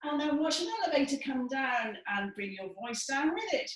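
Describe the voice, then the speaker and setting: A woman, possibly from Wales, leading a guided breathing and vocal warm-up in a lively, encouraging, playful way. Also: sits high, normal speed, distant mic. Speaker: dance and movement leader. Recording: echoey room from afar.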